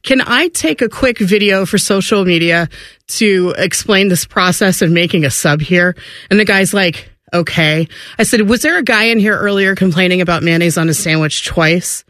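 A woman's voice: on the low side, normal speed, a bit bright, no room sound, clean studio sound. A woman on a radio talk show, telling a story in a chatty, casual way. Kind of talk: casual chat.

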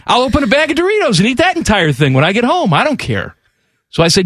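A middle-aged man hosting a radio sports talk show, joking and animated. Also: very high-pitched, fast, no echo, clean studio sound. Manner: animated, joking, yelling bits. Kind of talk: casual radio banter. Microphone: studio microphone.

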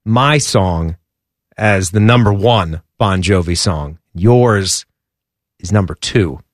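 A man's voice: sits low, expressive, slow, no echo. Man, radio co-host, playful banter, dry studio sound.

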